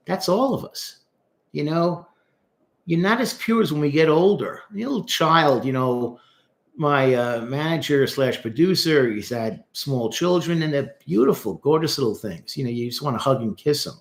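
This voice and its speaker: A man, a therapist, breaking down song lyrics in casual, animated commentary, talking straight to the viewer. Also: on the high side, moderate pace. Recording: echoey room.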